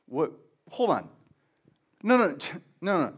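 A middle-aged man preaching a sermon, swinging from loud emphatic bursts to quiet asides and acting out dialogue. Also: on the high side, wildly swooping pitch, slow, slightly rough. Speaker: pastor.

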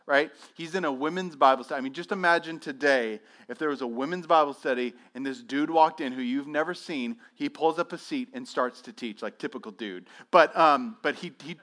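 A man's voice: fairly high pitch, fairly bright tone. A male pastor preaching a sermon, telling stories with acted-out dialogue and frequent restarts.

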